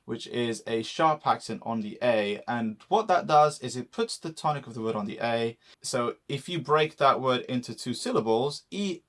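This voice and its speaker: A man's voice: medium pitch, expressive, normal speed, few pauses, a bit bright. A young man from Portugal with a Portuguese accent, co-hosting a casual language lesson, explaining patiently and teasing his partner. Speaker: co-host, teacher. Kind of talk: casual teaching chat.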